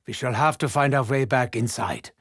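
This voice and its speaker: An actor playing an unhinged, theatrical male German scientist in a game, with a German accent, shouting taunts and muttering erratically. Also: normal speed, no room sound, studio quality. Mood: brooding. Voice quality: gravelly, wildly swooping pitch. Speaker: game character voice lines.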